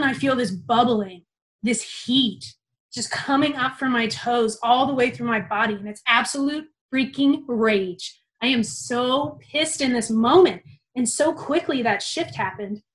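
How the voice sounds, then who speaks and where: A young woman telling a personal story in an animated, casual way, swearing freely. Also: fairly high pitch, low-quality recording.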